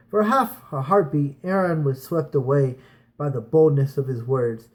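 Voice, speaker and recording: A young man with a somewhat high voice reads aloud for viewers in a casual, informal way. He often trips over names and corrects himself, and breaks off into easygoing chat. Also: moderate pace. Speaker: amateur reader.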